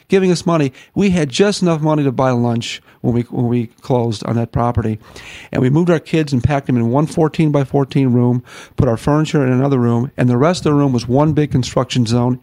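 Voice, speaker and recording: A middle-aged man from the northern United States, a ministry founder telling his story in an interview, folksy and animated, acting out the quotes. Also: mid-range voice, no echo.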